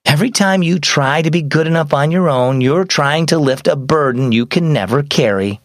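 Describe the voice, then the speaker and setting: A man voicing a gentle, reassuring mother in a storybook reading. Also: fairly high pitch, normal speed, no room sound, clean studio sound, natural voice. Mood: tender.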